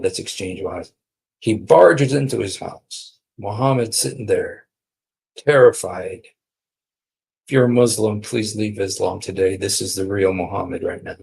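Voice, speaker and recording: A man giving an emphatic, mocking polemical religious talk, swinging between loud and quiet. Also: lowish voice, gravelly, a little hiss or hum. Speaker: preacher on a streamed show.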